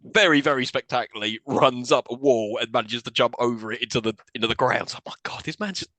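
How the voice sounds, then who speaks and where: A man's voice: mid-range voice, quick pace, no echo. A man co-hosting a podcast, casually recapping a film, acting out scenes and laughing often. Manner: animated storyteller, acts out scenes in voices, laughs often. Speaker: podcast co-host.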